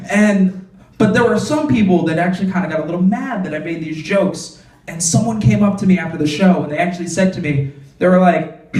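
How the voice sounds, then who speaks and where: Performing stand-up on a club stage, a young comedian talks briskly and loosely, dropping "like" before each sharp punchline. His voice sits a bit high and a little mellow, with club echo and a slightly distant mic sound.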